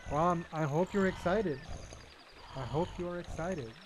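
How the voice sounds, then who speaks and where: A man's voice: a little high, normal speed, slight background noise. A young man from Belgium chatting with his viewers while gaming, friendly and prone to repeating himself. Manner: friendly, repeats his own phrases, talks to chat by name. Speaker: streamer. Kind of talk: casual chat while gaming. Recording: game music playing behind.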